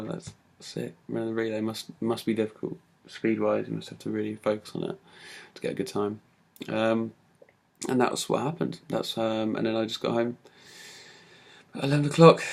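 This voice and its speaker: A man tells his own story in a casual, unpolished way, pausing often on fillers. His voice sits low and has a gravelly, creaky edge. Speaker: speaker giving a talk. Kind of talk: personal story talk.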